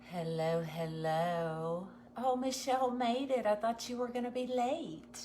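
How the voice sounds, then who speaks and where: A woman's voice: a little high, measured pace, mellow, slight background noise. Chatty woman hosting a craft livestream. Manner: chatty, greets viewers often, many ums and restarts. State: nervous. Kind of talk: casual livestream chat with viewers.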